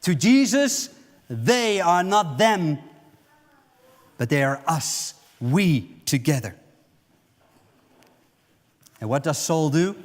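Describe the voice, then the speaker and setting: A male pastor preaching in a church, with a high-pitched voice carried by a long reverb through the sanctuary. He tells the story vividly and slips into the voices of the people in it as he speaks. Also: lively intonation, takes it slowly, pauses often. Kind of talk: sermon.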